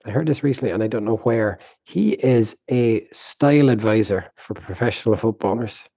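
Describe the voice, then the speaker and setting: A man co-hosting a casual podcast, talking in a relaxed, reflective way. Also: lowish voice, moderate pace, vocal fry, no echo. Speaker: podcast co-host. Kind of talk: casual chat.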